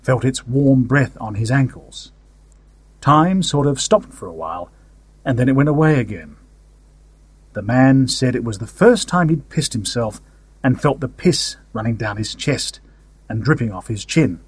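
Husky-voiced man narrating with wry humor. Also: medium pitch, lively intonation, a little slow, no echo. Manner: wry, conversational first-person storytelling. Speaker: story narrator. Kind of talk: audiobook fiction reading.

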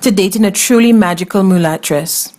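A woman's voice: mid-range voice, fairly quick, a little mellow. A woman narrating a first-person story in a wry, conversational way. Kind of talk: first-person fiction reading.

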